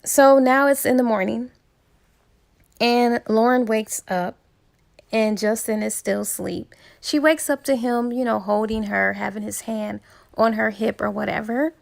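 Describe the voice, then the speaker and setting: A woman's voice: a little high, fairly even intonation, unhurried, gravelly. A woman casually retelling a romance novel's plot as a book reviewer, chatty and full of asides.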